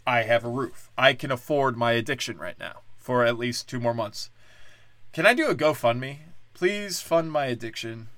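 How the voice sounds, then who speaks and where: A drunk man hosting a solo comedy podcast, rambling crudely and swinging between loud outbursts and low mutters. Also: expressive, normal speed, no room sound. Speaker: podcast host.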